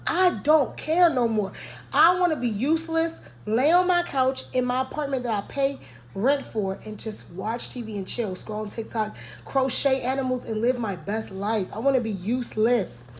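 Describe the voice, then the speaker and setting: A young woman with a high voice speaks her mind straight to the camera from her home. She is blunt and emphatic and hammers her points by repeating them. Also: moderate pace, a little hiss or hum. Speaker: content creator. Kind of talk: candid monologue to camera.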